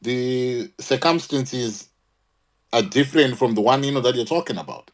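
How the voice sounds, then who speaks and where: A man's voice: mid-range voice, normal speed. A man on a casual online panel, questioning and interjecting to steer the talk.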